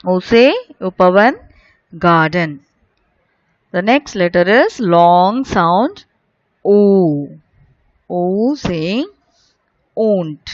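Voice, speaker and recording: A woman's voice: mid-range voice, dry recording. A woman teaching young children in a video lesson, patiently repeating each word and asking the class questions. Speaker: primary school teacher. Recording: dull lo-fi recording.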